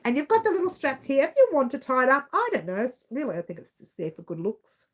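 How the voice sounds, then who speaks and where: Chatty Australian woman, fairly high voice. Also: huge pitch swings, fast talker. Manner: chatty, giggly, reads out viewer comments. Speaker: crochet live streamer. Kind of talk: casual live chat.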